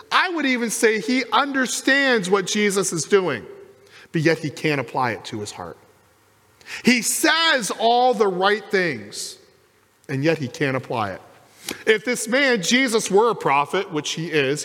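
Lively high-voiced preacher in a reverberant church. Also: male voice, a little slow. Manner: animated preaching, acts out quoted voices. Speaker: pastor. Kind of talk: sermon. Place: church sanctuary.

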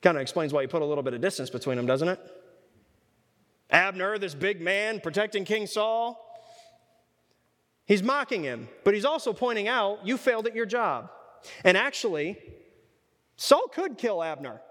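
A man's voice: high-pitched, lively intonation, moderate pace, pauses often, a bit bright, long reverb tail. A man preaching a Bible study, conversational and fond of rhetorical questions. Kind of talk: sermon.

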